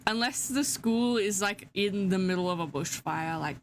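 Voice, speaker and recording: A woman's voice: mid-range voice, moderate pace, a little hiss or hum. A young woman chatting casually to her live-stream chat, sleepy, giggly and yawning. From Australia.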